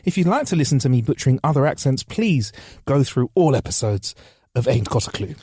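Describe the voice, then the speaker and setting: A man's voice: medium pitch, sing-song, brisk, mellow, breathy edge, dry recording, clean studio sound. A man co-hosting a casual podcast chat in a playful, jokey way. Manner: playful, jokey, puts on silly voices. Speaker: podcast co-host.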